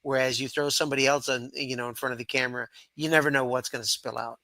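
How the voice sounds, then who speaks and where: Bright-voiced podcast host. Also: male voice, mid-range voice, steady tone, fast talker, no echo. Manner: earnest, searching for words. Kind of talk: casual interview chat.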